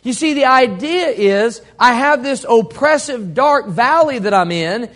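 High-voiced pastor preaching with big swings. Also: male voice, expressive, measured pace. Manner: call-and-response preaching, dynamic swings from loud to hushed. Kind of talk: sermon.

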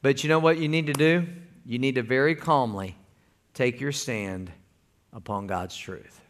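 A man's voice: mid-range voice, a little slow, fairly bright tone. A man preaching a sermon as pastor, folksy and calling on the congregation to answer back. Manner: folksy, calls for congregation responses.

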